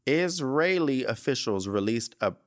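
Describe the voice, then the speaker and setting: A man's voice: medium pitch, lively intonation, measured pace. A young man hosting a podcast, reading news headlines aloud and riffing on them in a sassy, campy way. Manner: sassy, campy, reads headlines then riffs with side comments. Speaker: podcast host. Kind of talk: casual solo commentary on celebrity news.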